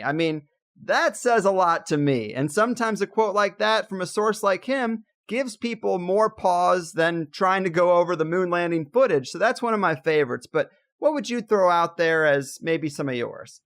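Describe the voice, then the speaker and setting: Relaxed, fairly high-voiced male podcast host. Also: moderate pace. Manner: relaxed, thinks aloud with frequent "like"s. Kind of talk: casual conversational interview.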